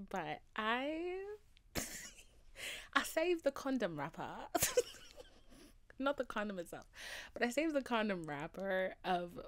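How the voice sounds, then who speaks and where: Lively young woman telling stories. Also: mid-range voice. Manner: animated, profane, says "okay?" often. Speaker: podcast host. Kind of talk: casual storytelling monologue.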